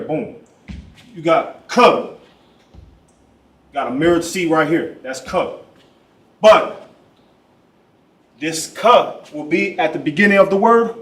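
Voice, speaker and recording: A man teaching a class in a casual way, often saying boom and trailing off quietly. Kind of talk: casual classroom letter lesson. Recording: echoey room, mic at a distance.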